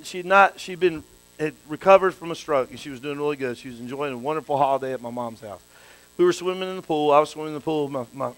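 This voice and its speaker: A man preaching a sermon as a bishop, dropping to hushed storytelling and rising to shouted praise. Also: fairly high pitch, smooth, no echo, low-quality recording.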